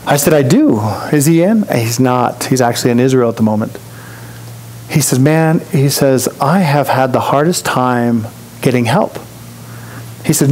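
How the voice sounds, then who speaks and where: A man's voice: mid-range voice, lively intonation, moderate pace, darkish tone, low-quality recording. A man preaching a sermon as pastor, in a conversational storytelling way, acting out the voices of people he quotes. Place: church.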